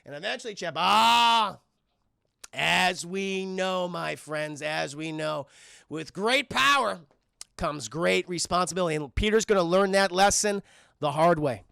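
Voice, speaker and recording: A man streaming a film recap, excitable and profane, constantly talking to his chat. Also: sits high, unhurried, creaky, clean tone, no room sound, studio quality. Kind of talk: casual live-stream commentary.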